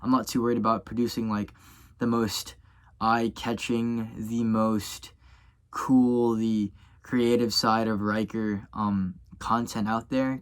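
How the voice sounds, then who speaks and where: A man's voice: on the low side, fairly even intonation, unhurried. A young man from Louisiana speaks to his camera. He rambles and keeps correcting himself, stopping often on fillers. He sounds tired, like someone who keeps yawning. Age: young adult. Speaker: college student vlogger. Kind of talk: casual vlog talk to camera.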